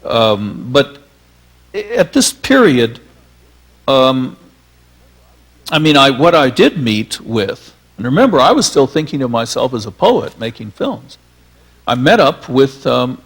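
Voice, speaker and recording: A man's voice: mid-range voice, fairly bright tone, husky. A man, a filmmaker guest, reminiscing onstage in a rambling, filler-laden storytelling way.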